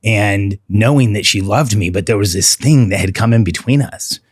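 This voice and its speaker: In this frank interview, the guest is a middle-aged man who works as a relationship coach; his voice is deep, husky, and sincere. He eases his pace to stress the key words. The audio sits right up close, dry, without any echo or surrounding room.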